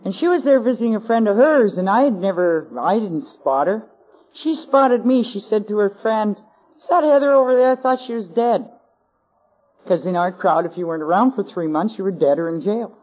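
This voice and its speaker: A woman's voice: mid-range voice, animated, fairly quick. A woman with a Canadian accent, giving a wry, self-mocking personal testimony to a convention audience, on an old tape. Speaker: speaker at a recovery convention. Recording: dull lo-fi 1980s convention tape.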